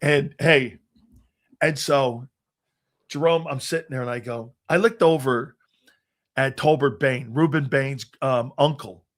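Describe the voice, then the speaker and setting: A middle-aged man hosting a sports talk show, telling a profane, animated story and acting out the other voices. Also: medium pitch, a little slow. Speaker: sports talk radio host.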